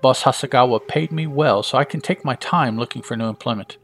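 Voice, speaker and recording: A man voicing a calm, honorable male ronin swordsman in a comic-book reading, steady and measured. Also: medium pitch, lightly acted.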